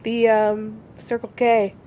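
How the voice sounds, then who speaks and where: A woman's voice: on the high side, takes it slowly, lo-fi sound, slight background noise. A woman co-hosting a casual podcast, telling stories with lots of swearing and acting out both sides of phone calls. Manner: animated storyteller, swears freely, acts out both sides of calls. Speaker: podcast co-host. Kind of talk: casual chat.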